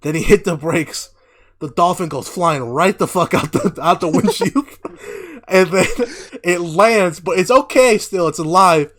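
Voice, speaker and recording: A man's voice: high voice, measured pace. A man hosting a podcast, recapping a show in casual, profane talk full of laughter. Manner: profane, laughing, animated storytelling. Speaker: podcast host.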